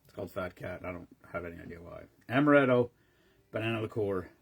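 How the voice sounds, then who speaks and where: A man's voice: sits low, animated, fast talker, gravelly, husky. A man casually chatting on a live stream, rambling between stories and greeting viewers by name as he mixes drinks.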